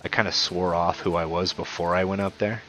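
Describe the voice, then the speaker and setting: A man's voice: low voice, little pitch movement, brisk, a crowd in the background, low-quality recording. A man from the American South chatting casually while gaming. He rambles, filling his speech with "like" and restarting often. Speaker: gamer on a live stream.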